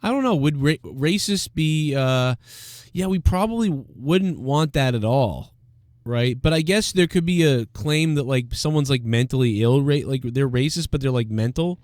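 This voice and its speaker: A man's voice: medium pitch, a little slow, few pauses, darkish tone, dry recording, studio quality. A man hosting a casual live Q&A stream, rambling and thinking aloud with lots of fillers. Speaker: livestream show host.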